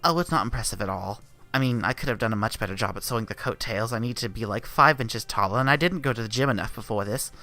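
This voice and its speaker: A man voicing a young woman crossplaying as a butler, brisk and teasing, while reading a visual novel aloud. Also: medium pitch, bright, forceful tone, close to an everyday voice.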